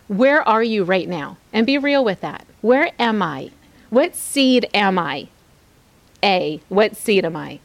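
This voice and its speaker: A woman's voice: medium pitch, dry recording. A woman hosting a devotional podcast, teaching scripture in an earnest, exhorting way, repeating phrases for emphasis and adding candid, confiding asides.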